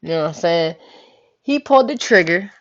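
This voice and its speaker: A woman's voice: on the low side, a little fast. Young woman telling a wild story, lo-fi. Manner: animated, profane, slangy retelling. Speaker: vlogger. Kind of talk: casual storytelling. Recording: dull lo-fi recording.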